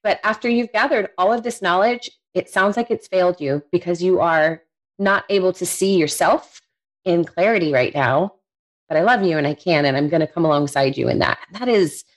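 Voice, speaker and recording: Woman, podcast host, reflective, affirming, fairly low pitch. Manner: warm, reflective, affirming the guest. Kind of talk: conversational interview.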